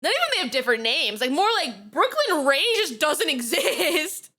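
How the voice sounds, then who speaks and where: Woman streamer, high and very lively delivery, giggly reaction chatter. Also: moderate pace. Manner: animated and giggly, lots of fillers. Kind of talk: casual reaction commentary.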